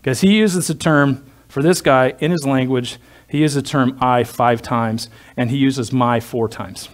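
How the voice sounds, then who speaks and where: A man's voice: medium pitch, steady tone, unhurried. A male pastor preaching a sermon in a conversational, digressive way, with joking asides to his congregation.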